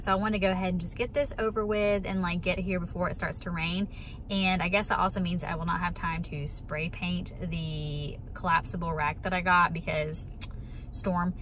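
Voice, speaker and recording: Young woman vlogging about her craft biz, chatty and upbeat, lots of "like", bright voice. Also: mid-range voice, a little hiss or hum, low-quality recording. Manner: chatty, filler-heavy, upbeat. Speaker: small business owner vlogging. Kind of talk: casual vlog narration. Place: home craft studio and a fabric store.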